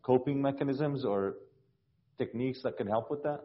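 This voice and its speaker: Soft-spoken questioning man. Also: medium pitch, moderate pace, highs cut off. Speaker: group participant asking a question. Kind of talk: group discussion.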